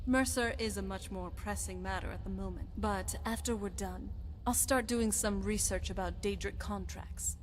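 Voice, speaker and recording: A woman's voice: mid-range voice, normal speed, lightly acted. An actress voicing an ancient female vampire companion in a video game, speaking in a dry, matter-of-fact way. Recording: game audio over crowd noise.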